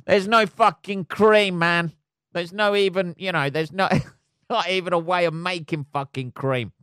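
A man hosting his own podcast, ranting casually with lots of swearing and trailing off into low mutters. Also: steady tone, takes it slowly, pauses often, pushed and bright, clean tone, no echo, clean studio sound. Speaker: podcast host. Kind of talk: casual solo rant.

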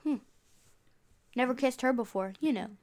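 Woman, slightly high voice, excitable and animated co-host in casual chat. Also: moderate pace. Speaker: podcast co-host recapping an episode.

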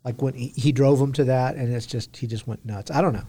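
A man's voice: mid-range voice, steady tone, a little fast, crowd noise. A man co-hosting a casual book discussion in an easygoing, agreeable way, often hedging what he says.

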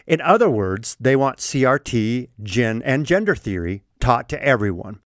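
A man's voice: mid-range voice, normal speed, no echo. A man hosting his own podcast, delivering an emphatic, opinionated monologue into a close microphone. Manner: emphatic, animated, laughs at his own jokes. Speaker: podcast host.

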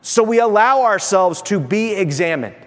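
A middle-aged male pastor preaching with a high, light voice. He talks in an animated way and slips into playful put-on voices. His words ring out with the long reverb of a large church hall. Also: normal speed. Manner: animated, acts out everyday voices with humor. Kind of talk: sermon.

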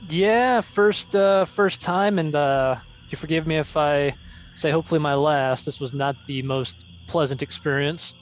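A man playing a tabletop role-playing game, talking in character with a dry, wry touch. He pauses on fillers as he goes. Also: a little high, soft background music. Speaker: player.

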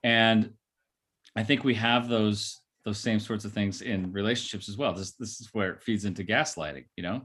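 A fairly low-pitched male therapist talks through an idea at an easy podcast pace. He keeps checking in with listeners using "right?" and "you know". He slips into the voices of the people he describes. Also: moderate pace, fairly bright tone, husky. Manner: acts out quoted voices. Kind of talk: explanatory podcast talk.

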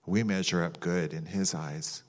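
Low-voiced man preaching conversationally. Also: fairly even intonation, measured pace. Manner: conversational, rambling, acts out mock voices with laughter. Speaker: pastor. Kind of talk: sermon with prayer.

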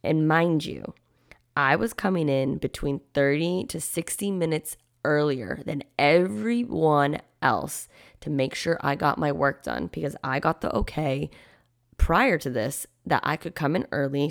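Woman, young adult, podcast host, candid storytelling, low pitched, vocal fry. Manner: candid, animated retelling with quoted asides and frequent "like".

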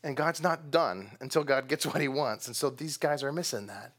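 A man's voice: mid-range voice, moderate pace, fairly bright tone. A man preaching a sermon as pastor, talking casually, laughing now and then and stressing some words strongly. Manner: conversational preaching with laughs and sudden bursts of emphasis.

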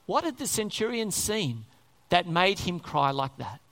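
Emphatic preacher with a lively, swinging voice. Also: mid-range voice, unhurried. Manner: emphatic, repeats key words and asks rhetorical questions. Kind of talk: sermon.

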